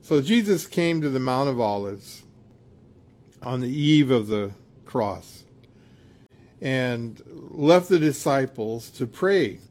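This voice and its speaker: Slow, measured male preacher. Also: mid-range voice, lively intonation, darkish tone. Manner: measured and reflective, with occasional hesitations. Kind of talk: sermon.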